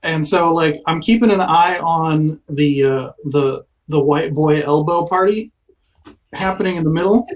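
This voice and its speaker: A man describing his actions as a tabletop player, in a halting way with many fillers and laughs. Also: a little high, low-quality recording. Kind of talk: in-character tabletop play.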